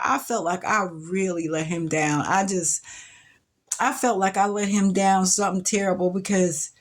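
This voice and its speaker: A middle-aged woman, telling a personal story to camera in an emotional, reflective way, with sighs and restarts. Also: mid-range voice. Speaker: vlogger telling her life story. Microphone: camera mic.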